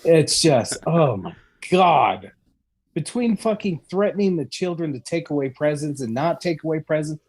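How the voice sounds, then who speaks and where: A man in a middle pitch for a man, co-hosting a podcast and swearing heavily through a comedic rant. He sounds worked up and indignant. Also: darkish tone, slightly rough. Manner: ranting with heavy swearing. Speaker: podcast co-host.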